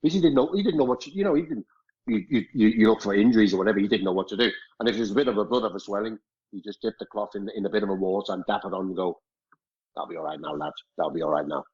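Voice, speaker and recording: A husky middle-aged man recounts old stories in loose, casual chat, peppered with swearing and chuckles. The audio is dull and lo-fi, like a modest podcast recording. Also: on the low side, rapid-fire, a little mellow. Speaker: former footballer, guest. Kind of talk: casual anecdote telling.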